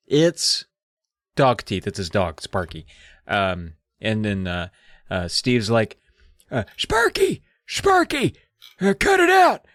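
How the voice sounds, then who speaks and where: A podcast co-host casually recapping a spooky book, telling it with lively, swearing storytelling. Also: medium pitch, dry recording, clean studio sound.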